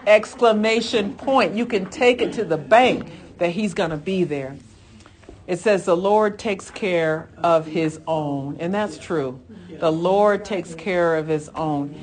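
A woman teaching a church Bible lesson in a fervent, emphatic way. She talks conversationally, with asides and restarts, and breaks in with exclamations of praise. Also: fairly low pitch. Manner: fervent, emphatic, exclaims "Hallelujah" between points.

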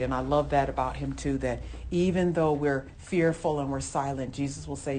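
Fervent low-voiced woman leading Bible study. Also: moderate pace, hardly any pauses, a little mellow, a little hiss or hum. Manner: fervent, exclaims "oh, man" often. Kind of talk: informal Bible study talk.

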